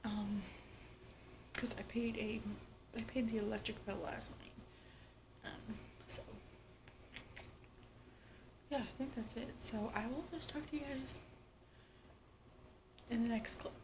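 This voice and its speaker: A woman's voice: fairly high pitch, fairly even intonation, measured pace, long pauses. Chatty woman vlogging from her car. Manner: rambling, chatty, many ums. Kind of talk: casual daily vlog chat. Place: in a car while driving. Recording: loud car engine noise. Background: car and road noise.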